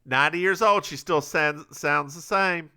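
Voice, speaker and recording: A man's voice: fairly high pitch, normal speed, gravelly, sharp tone, clear, resonant tone. A man co-hosting a podcast, recapping a TV episode in casual, rambling, stop-start chat. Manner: says he is bad at accents. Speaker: podcast co-host.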